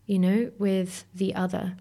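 A woman's voice: medium pitch, little pitch movement, unhurried, mellow. A woman guest in a reflective conversation, musing and searching for words, sometimes dropping to a whisper. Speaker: podcast guest.

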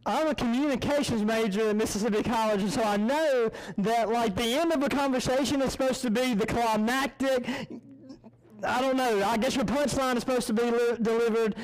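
A man's voice: extremely high pitch, brisk, rough recording. A young man, a college student, giving a casual, rambling talk and storytelling with lots of self-corrections. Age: young adult. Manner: animated, rambling, self-interrupting.

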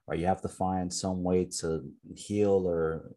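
A man's voice: sits low, flat delivery, measured pace, warm tone. A man co-hosting a podcast in casual chat, reflective, full of fillers and restarts. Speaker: podcast co-host.

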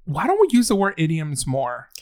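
A man's voice: a little high, huge pitch swings, normal speed, darkish tone, dry recording, studio quality. A man co-hosting a casual chat, playful and joking, who drops easily into Spanish phrases. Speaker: podcast co-host.

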